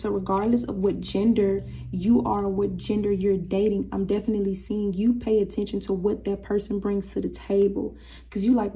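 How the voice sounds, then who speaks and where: A woman's voice: medium pitch, fairly even intonation, normal speed, dark tone. A woman giving a chatty, casual tarot reading to her viewers. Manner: chatty, breaks into singing, talks to cat. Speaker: tarot reader.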